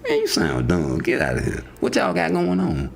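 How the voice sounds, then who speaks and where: A middle-aged man ranting in a swaggering, profane way, swinging between low mutters and high yelps. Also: huge pitch swings, normal speed, creaky, slight background noise. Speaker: boxing opinion vlogger. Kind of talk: casual profane rant.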